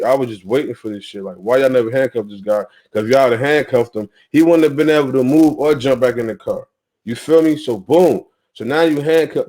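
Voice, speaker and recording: A man's voice: mid-range voice, darkish tone, low-quality recording. Ranting, profane young man. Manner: ranting, profane, repeats himself; rhetorical questions, "you feel me" fillers. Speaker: talk show panelist. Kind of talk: casual chat, heated commentary.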